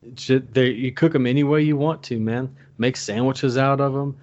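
Louisiana guy on a fishing podcast, relaxed, mid pitch, muffled lo-fi audio. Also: normal speed. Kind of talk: casual fishing podcast chat.

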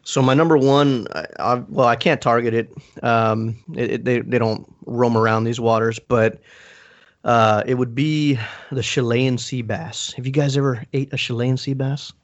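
A man's voice: mid-range voice, level tone, moderate pace, muffled recording. A man in casual chat who stops and restarts often, calling people dude and man.

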